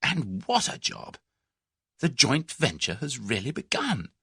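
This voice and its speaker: Breezy young gentleman adventurer, jaunty and game, read by the male narrator. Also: medium pitch, huge pitch swings, unhurried, breathy edge, dry recording, clean studio sound, pitched above the performer's own voice, heavily acted. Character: cheerful young English man adventurer.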